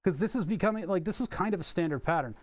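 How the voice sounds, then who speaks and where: A fast-talking man with a high-pitched voice live-streams from his electronics workbench, tinkering as he chats casually. He rambles wryly and swears occasionally into a desk microphone, with no room sound.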